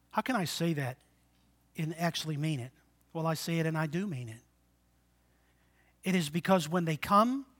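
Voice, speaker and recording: A man in his sixties preaching a sermon, swinging between loud exhortation and quiet, low asides, and calling for amens from the congregation. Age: 60s. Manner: call-and-response with the congregation. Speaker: pastor.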